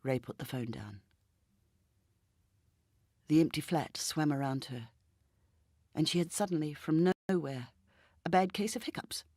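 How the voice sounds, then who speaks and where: A woman reading a novel aloud in an even, measured storytelling manner. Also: sits low, no echo, studio quality. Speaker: reader. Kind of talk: scripted narration.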